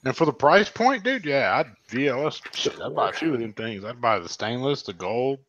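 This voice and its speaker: A man chatting casually on a vape livestream, joking loudly and drawling in slang. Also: medium pitch, expressive, normal speed, lo-fi sound. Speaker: vape channel host guest.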